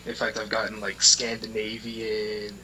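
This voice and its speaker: A man co-hosting a podcast, chatting casually in a relaxed, measured way. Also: fairly low pitch, a little hiss or hum, low-quality recording. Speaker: podcast co-host. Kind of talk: casual chat.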